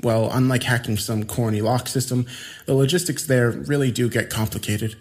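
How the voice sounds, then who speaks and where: A man's voice: mid-range voice, steady tone, normal speed, a little mellow, faint music behind, natural voice. A man voicing a giggly, unhinged young man in his mid-twenties who taunts and jokes casually. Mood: breezy. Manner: smirking, laughing, casual slangy taunts.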